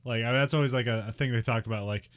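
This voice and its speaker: A man's voice: medium pitch, fairly even intonation, very fast. Giggly man recapping a film. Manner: laughs often, many fillers. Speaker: podcast co-host. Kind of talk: casual chat, recapping a film.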